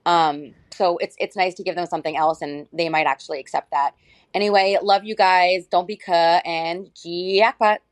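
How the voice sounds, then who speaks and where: A woman leaving a message for a podcast, gently telling a personal story with a reflective, easygoing manner. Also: fairly low pitch, fairly even intonation, moderate pace. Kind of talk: casual storytelling.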